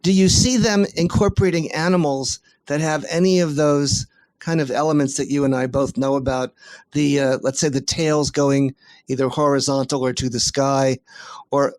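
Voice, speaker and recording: A man's voice: mid-range voice, no echo. A man hosting a podcast interview, enthusiastic, asking long rambling questions. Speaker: podcast host.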